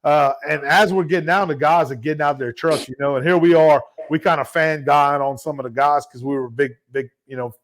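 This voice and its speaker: A man with a Louisiana accent, hosting a casual chat and telling an animated story, acting out the quotes. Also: a little high, a little fast, hardly any pauses. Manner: animated anecdote teller, acts out quotes. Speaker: show host.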